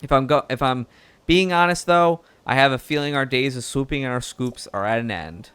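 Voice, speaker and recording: A man's voice: mid-range voice, moderate pace, a bit bright, smooth, dry recording, lightly acted. A man doing a chatty bird reporter with a Southern drawl. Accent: American Southern.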